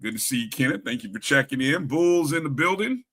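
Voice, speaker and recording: A man's voice: mid-range voice, animated, a little fast. A man co-hosting a casual live sports talk stream, greeting viewers in the chat one by one. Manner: shouting out chat viewers by name, upbeat and chatty. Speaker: sports talk show co-host.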